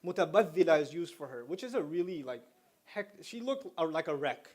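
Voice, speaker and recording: A man's voice: fairly high pitch, big pitch swings, brisk. A middle-aged man giving a religious lecture to students in a conversational way, explaining terms and slipping into slang. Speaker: Islamic lecturer.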